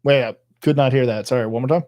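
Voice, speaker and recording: A man co-hosting a relaxed live stream, teasing his partner and laughing often. His voice sits at an everyday middle pitch. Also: fast talker. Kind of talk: casual live stream banter.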